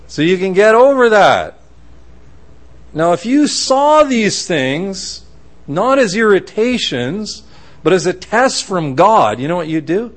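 A man delivers a sermon in a lively storytelling way, slipping into the voices of the people in his anecdotes. His speaking voice sits a touch higher than most men's. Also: measured pace. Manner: animated storytelling, acting out voices. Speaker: preacher.

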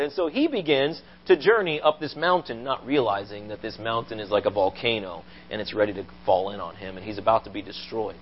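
Man preaching an animated sermon. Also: lowish voice, a little fast, hardly any pauses, lo-fi sound, slight background noise. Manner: animated storytelling, rising to loud acted quotes. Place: church.

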